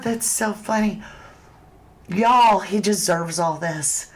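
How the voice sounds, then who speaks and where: A woman's voice: medium pitch, lively intonation, slow. A woman hosting a casual true crime livestream, chatting straight to her viewers and reading their comments aloud.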